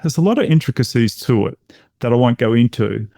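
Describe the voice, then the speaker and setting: A middle-aged man shares a personal story as a podcast guest. His voice is mellow and relaxed, and he talks in an animated way, acting out the voices of others. The recording is dry and close. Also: mid-range voice, fairly quick, gravelly, dry recording. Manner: animated storyteller who acts out other people's lines. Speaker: podcast guest, intuition coach.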